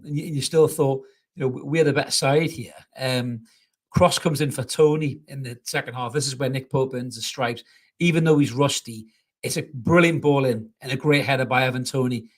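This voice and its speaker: A man hosting a live football reaction show, talking bluntly and passionately, swearing freely and reading out viewer comments. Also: medium pitch. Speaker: football fan channel host.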